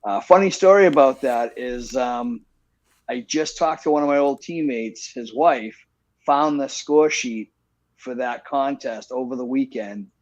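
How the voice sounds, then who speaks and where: A man's voice: mid-range voice, measured pace. A man with a Massachusetts accent, an easygoing guest chatting on a podcast. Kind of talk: casual chat.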